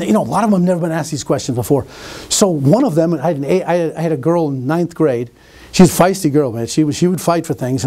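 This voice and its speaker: Guy with a pretty high voice giving a talk, animated, keeps restarting phrases and quizzing the crowd. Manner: animated, restarts phrases often, asks the audience questions. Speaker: conference speaker and teacher. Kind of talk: lecture with storytelling.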